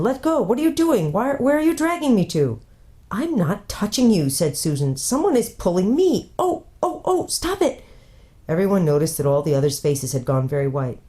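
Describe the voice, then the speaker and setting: A woman pastor reading a children's book aloud in a gentle, unhurried storytelling manner. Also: extremely low pitch.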